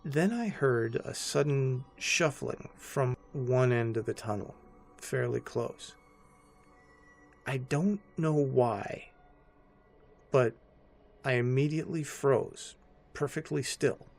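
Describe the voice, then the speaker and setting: A man narrating a scripted horror story in a slow, hushed and somber way. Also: medium pitch, fairly even intonation, vocal fry, faint music behind.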